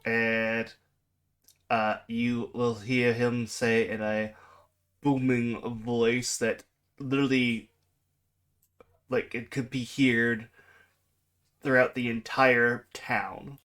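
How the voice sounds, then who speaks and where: A man's voice: medium pitch, flat delivery, slow pace, long pauses, a bit bright, clean tone. A man narrating as game master in a tabletop game, describing things hesitantly with many fillers.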